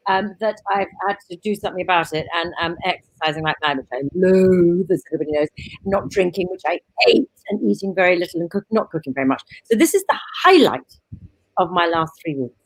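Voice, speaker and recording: A woman performing improvised comedy, animated and emphatic, frank in chat. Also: on the low side, fairly quick, dry recording, poor audio.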